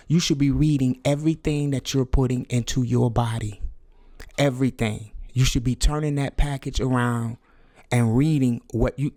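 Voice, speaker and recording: A man's voice: mid-range voice, dry recording, studio quality. A man talking to his viewers in a preachy, repetitive way, stumbling over words and urging them to wake up. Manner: preachy, repetitive, drops to hushed whisper for emphasis. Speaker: vlogger. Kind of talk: conspiracy talk video.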